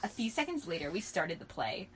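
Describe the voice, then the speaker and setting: A young woman reading her old fan story aloud to a friend, lively and joking, often breaking into laughter. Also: lowish voice, brisk, slight background noise. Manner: animated, puts on voices, bursts of laughter. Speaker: reader of her old fanfiction. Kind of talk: comedic dramatic reading with friend.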